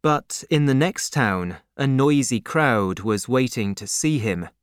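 A man reading a novel aloud as the narrator, in a slow, measured way. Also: medium pitch, animated, smooth, dry recording, clean studio sound. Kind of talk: audiobook narration.

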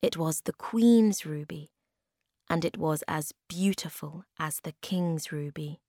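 A woman narrating a graded reader story in a clear, careful storytelling manner. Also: sits low, a little slow, dark tone, dry recording, studio quality.

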